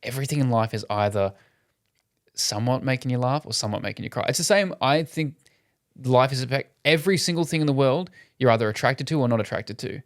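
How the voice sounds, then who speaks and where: A young man co-hosting a podcast, chatting casually and telling animated, sweary stories. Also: mid-range voice, fast, no room sound, clean studio sound. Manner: storytelling, swearing, animated quoted voices. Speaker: podcast co-host. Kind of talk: casual chat.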